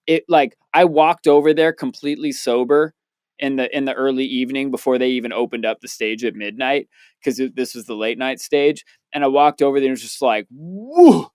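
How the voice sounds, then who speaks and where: A young man co-hosting a podcast in casual chat, telling stories loosely and excitedly with plenty of swearing. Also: mid-range voice, fairly quick, clear, resonant tone, dry recording, clean studio sound. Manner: loose, profane, excitable storyteller. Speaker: podcast co-host, DJ.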